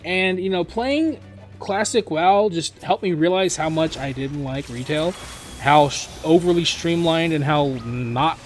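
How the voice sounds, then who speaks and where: A young man rambling casually to his viewers, with many fillers and restarts. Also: soft background music. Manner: mimics other players in quick high voices. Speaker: gaming YouTuber. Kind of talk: casual spoken monologue.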